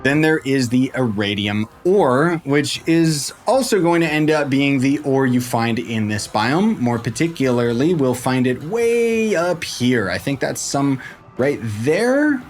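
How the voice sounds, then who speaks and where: A man's voice: medium pitch, big pitch swings, unhurried, soft background music. A young man joking his way through a casual gameplay tutorial, rambling and poking fun at himself as he goes. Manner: joking, self-mocking, rambling asides. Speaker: game guide creator. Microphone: desk microphone.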